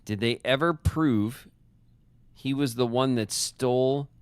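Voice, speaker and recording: A man's voice: medium pitch, slow pace, smooth, no room sound. A man streaming a puzzle game, chatting with his viewers and himself in a loose, joking way as he works out clues. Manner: chatty, talks to chat and himself, jokey asides. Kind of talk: casual live gameplay commentary.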